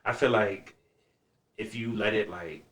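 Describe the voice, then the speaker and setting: A man chatting as a podcast guest, animated and self-described dramatic, acting out his own reactions as he tells stories. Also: lowish voice, unhurried. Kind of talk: casual chat.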